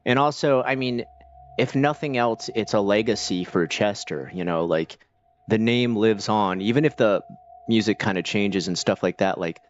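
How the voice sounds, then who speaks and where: Rambling low-voiced male game streamer. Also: normal speed, lo-fi sound, a little hiss or hum. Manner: rambling, many fillers and restarts. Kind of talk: casual live-stream chat while playing.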